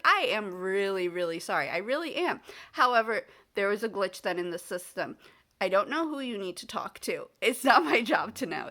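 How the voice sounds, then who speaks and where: A woman's voice: a little high, pushed and bright. A woman vlogger from the United States in casual chat to the camera, rambling with many fillers and acting out the people in her story with exasperation.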